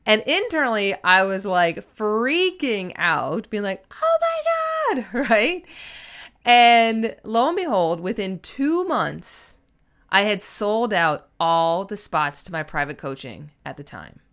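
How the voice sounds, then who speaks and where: A woman's voice: medium pitch, very animated, slow, a bit bright, smooth. A woman in her thirties hosting a solo business podcast, chatty and emphatic, acting out quotes in playful voices. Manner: chatty, emphatic, puts on voices when quoting. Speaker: podcast host and business coach.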